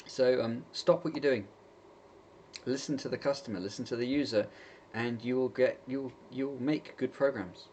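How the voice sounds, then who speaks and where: A man's voice: medium pitch, moderate pace, darkish tone, a little hiss or hum. Exasperated man ranting. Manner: exasperated, sarcastic, mocking quoted voices. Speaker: vlogger. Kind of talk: opinion rant to camera.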